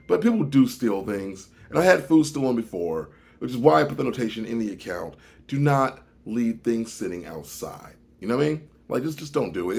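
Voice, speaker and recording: Male vlogger, comedic storyteller; lively pitch, exaggerated delivery. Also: vocal fry, breathy edge. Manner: animated, exaggerated swings between loud and muttered.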